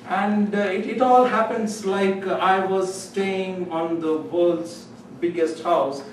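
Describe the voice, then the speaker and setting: A man telling a humorous story in a club speech, acting out other people's voices with sudden high, loud lines. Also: fairly even intonation, slow. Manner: storytelling, acts out voices with rising pitch. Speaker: club speaker. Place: meeting room. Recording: echoey room from far off, faint noise.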